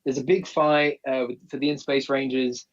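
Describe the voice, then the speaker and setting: Rambling co-host on a muffled distant line. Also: male voice, mid-range voice, little pitch movement, moderate pace. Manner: rambling, many restarts, nostalgic fan explaining. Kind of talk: casual live-stream chat.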